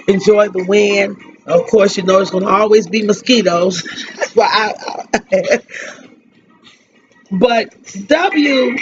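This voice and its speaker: A woman hosting a radio tribute, grieving and tearful, speaking haltingly and repeating her phrases. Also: mid-range voice. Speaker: radio host giving a tribute. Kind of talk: emotional spoken tribute. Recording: dull lo-fi radio recording.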